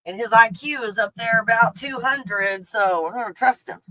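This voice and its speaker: A woman's voice: fairly high pitch, normal speed, bright, forceful tone. A middle-aged woman chatting casually on a livestream in a rambling way, laughing often and talking to her dog. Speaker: channel host.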